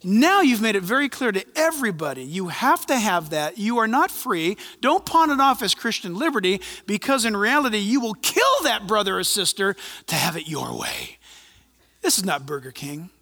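A male pastor preaching a sermon in an animated, conversational way, with asides and humor. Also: high voice, normal speed, big-room sound. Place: church.

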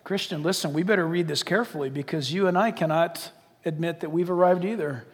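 A man's voice: a little high, brisk, big-room sound. A man preaching a sermon in a large church, emphatic, firing rhetorical questions and often breaking in with "listen". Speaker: pastor.

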